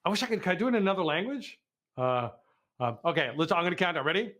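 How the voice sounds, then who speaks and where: A man from the Midwest hosts a live charity stream and calls donation auctions with a goofy, teasing manner. His voice sits high for a man and bounces around constantly. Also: sing-song, fast talker, fairly bright tone. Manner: playful, goofy, teasing the audience. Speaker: telethon host running a donation auction.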